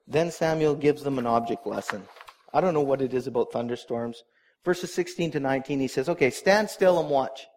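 A middle-aged man preaching a sermon, earnest and animated, with asides to the congregation. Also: mid-range voice, fairly quick. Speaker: pastor.

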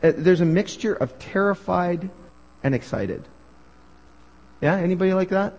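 A man preaching a sermon, animated and asking the congregation questions. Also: sits high, normal speed. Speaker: pastor. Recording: hall reverb.

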